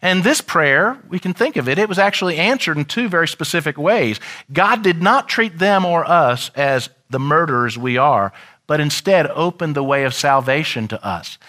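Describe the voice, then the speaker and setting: A man pastor preaching a sermon in a church, shifting dramatically and shouting out the crowd's lines. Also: fairly high pitch, expressive, moderate pace.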